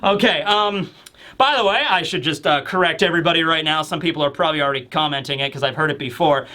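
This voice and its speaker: A man giving a casual comic review on video, excitable and animated, bursting into shouts. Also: a little high, fast. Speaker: manga reviewer.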